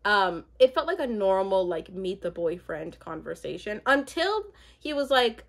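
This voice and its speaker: A woman's voice: medium pitch, sing-song, normal speed, hardly any pauses. A young woman in casual chat, rambling with many fillers and asides as she recaps a reality show.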